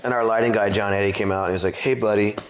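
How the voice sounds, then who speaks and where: A man's voice: on the low side, fairly even intonation, rapid-fire, a crowd in the background. A man answering interview questions as a band member, telling stories animatedly and laughing as he goes. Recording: noisy background.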